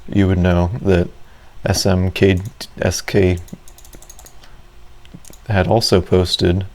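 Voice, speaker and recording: A man's voice: deep voice, flat delivery, takes it slowly, darkish tone. A man giving casual, rambling commentary over his own gameplay, self-deprecating and full of fillers. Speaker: gaming video creator.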